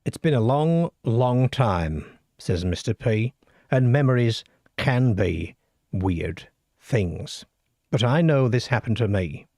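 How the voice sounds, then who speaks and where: A middle-aged or older man hosts a late-night show about the unexplained, reading letters aloud and joking with his listeners. His voice is low and gravelly, and the sound is dry and close to the mic. He is wry and self-deprecating. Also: animated, slow pace, a little mellow, no echo. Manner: wry, self-deprecating, chatty with the live chat. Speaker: host of a late-night call-in paranormal show. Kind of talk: live-stream chat and reading out listener stories.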